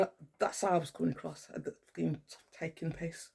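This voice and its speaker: Middle-aged woman, gravelly and husky, rambling spiritual vlogger who swears freely. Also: sits low, fairly even intonation, brisk, few pauses, dark tone. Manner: rambling, swears often, many fillers and restarts. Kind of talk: casual rambling monologue. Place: at home indoors with a cat.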